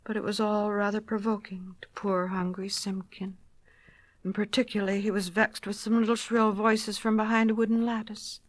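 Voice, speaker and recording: A woman reading a children's storybook aloud, gentle and expressive, sometimes dropping to a near whisper. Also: mid-range voice, moderate pace, no room sound.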